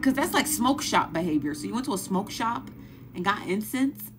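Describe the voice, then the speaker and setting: A woman's voice: mid-range voice, expressive, normal speed, noisy background. A woman hosting a live stream, chatting casually and asking the same baffled questions again and again while thanking viewers as they join.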